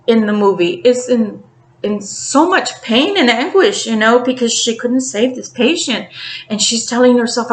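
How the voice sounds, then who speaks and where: A woman tarot reader casually retelling a story to the camera in an animated way, acting out the quotes. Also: fairly high pitch, moderate pace. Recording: roomy echo.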